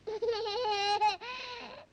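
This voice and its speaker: A man's voice: mid-range voice, lively intonation, a little fast, fairly bright tone, lightly acted. A man playing a breezy joking cabbie crooner. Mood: teasing. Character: easygoing young male cab driver and crooner. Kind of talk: 1930s film dialogue. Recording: dull old film soundtrack with hiss.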